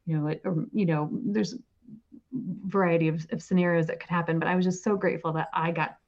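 A woman in her forties, a podcast guest, telling her story in a casual, animated way and laughing often. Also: fairly low pitch, brisk, highs cut off. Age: 40s.

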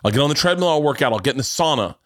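A middle-aged podcast host with a high-leaning voice races through casual chat and an ad read. His storytelling is animated and profane, and the recording is dry and studio quality.

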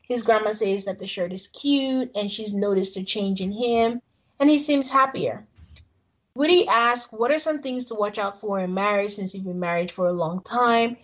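In a casual podcast, a woman co-host recaps a reality show, chatting in a mid-range voice at normal speed. She laughs often while retelling scenes.

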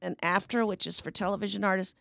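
A woman's voice: medium pitch, fairly even intonation, quick pace, vocal fry, fairly bright tone, no echo, clean studio sound. A woman in her seventies, an actress guesting on a podcast, telling stories animatedly and acting out the people she quotes. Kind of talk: storytelling in a conversation.

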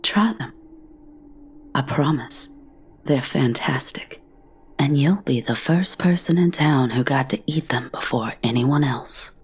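A woman's voice: a bass voice, lively intonation, unhurried, darkish tone, breathy edge, exaggerated voice. A woman voicing an eager, coaxing male candy shopkeeper in a storybook reading. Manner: coaxing, wheedling.

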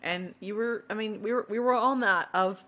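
A woman's voice: mid-range voice, normal speed, sharp tone. A young woman co-hosting a podcast in casual chat, telling stories in a bubbly way and acting out quotes. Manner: bubbly storyteller, acts out quotes. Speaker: podcast co-host.

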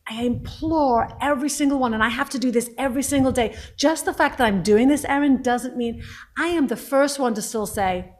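A woman's voice: high voice, a little fast. A middle-aged woman, an author and speaker, talking passionately and encouragingly as an interview guest. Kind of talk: interview guest, motivational talk.

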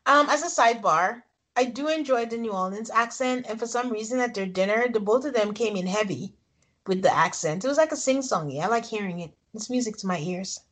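Higher-voiced woman recapping a reality show. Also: fairly quick. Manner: animated storytelling, frequent laughs. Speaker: podcast co-host. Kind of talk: casual recap chat.

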